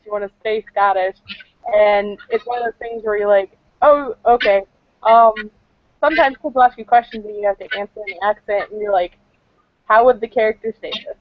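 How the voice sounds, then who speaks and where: A woman's voice: on the high side, no room sound. Woman cosplayer rambling in an interview, lots of um and like, muffled dry recording. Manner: chatty, rambling, filler-heavy. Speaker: cosplayer guest. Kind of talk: casual interview answers.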